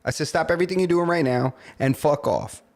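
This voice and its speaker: Fast and creaky, this man's voice sits fairly high. He co-hosts a podcast and spins a story during easygoing conversation, performing the voices of the people in it with lively energy.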